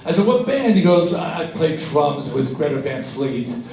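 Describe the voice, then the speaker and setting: A man in his sixties telling stories on stage as a guest, animated and swearing freely, laughing as he talks. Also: on the high side, moderate pace. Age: 60s. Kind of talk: profane live storytelling. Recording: echoey, distant live-room sound with faint noise.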